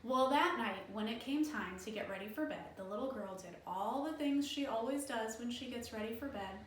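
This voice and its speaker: A woman librarian telling a folk tale for children, animated and inviting them to join in, in an echoey room from a distance. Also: on the high side, normal speed, slight background noise. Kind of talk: children's storytime narration.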